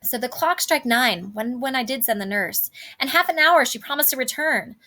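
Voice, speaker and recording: A woman's voice: sits high, expressive, normal speed, pushed and bright. A woman reading as an impatient lovesick girl. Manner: eager, pleading reading of verse. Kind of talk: reading a play aloud.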